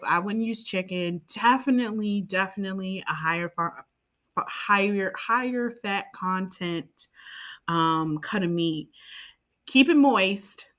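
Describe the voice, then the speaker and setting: A woman's voice: mid-range voice, measured pace, a bit bright. A woman co-hosting a podcast in a casual, chatty way, rambling into side tangents and playful asides. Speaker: podcast co-host. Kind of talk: casual chat.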